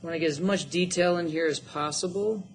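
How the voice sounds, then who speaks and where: A man's voice: fairly high pitch, fairly quick, a little hiss or hum. A middle-aged man teaching a drawing lesson, upbeat and encouraging, thinking aloud as he works. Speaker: art teacher.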